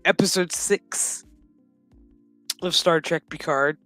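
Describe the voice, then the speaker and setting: A man with a slightly high, bright, forceful voice gives a loose, foul-mouthed recap of a TV episode, wandering off track and chuckling along the way. The sound is close and dry, with faint music running underneath. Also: slow, no echo. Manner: rambling, profane, laughs often. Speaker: streamer. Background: background music.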